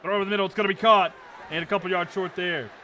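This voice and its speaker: A man plays a football video game on stream, talking very fast in a high-pitched voice over a little hiss or hum. He calls the plays like a commentator, venting frustration between snaps.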